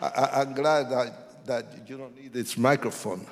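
A man giving a dramatic testimony sermon in a church, theatrical and bursting into shouts as he acts out scenes. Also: mid-range voice, steady tone, moderate pace, noisy background. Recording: long church hall reverb.

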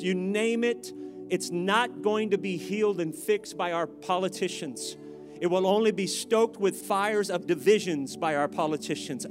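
A man preaching a sermon as pastor, joking in asides and building to loud, emphatic exhortations. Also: high-pitched.

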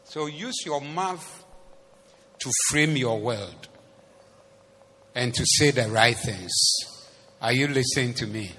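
Slow, bright-voiced preaching man in a hall. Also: medium pitch, animated. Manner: mixes English with Twi phrases; swings between soft asides and loud emphatic preaching. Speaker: pastor. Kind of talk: sermon. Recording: long hall reverb with faint noise.

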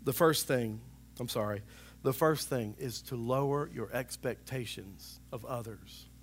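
A male pastor preaching a sermon in a church, animated and talking to the congregation, now and then acting out voices. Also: medium pitch, a little slow, husky. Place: church sanctuary.

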